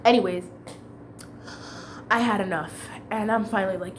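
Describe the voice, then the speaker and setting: A woman's voice: medium pitch, steady tone, moderate pace, a little hiss or hum. A woman telling a long personal story in a casual, rambling way, with fillers and restarts.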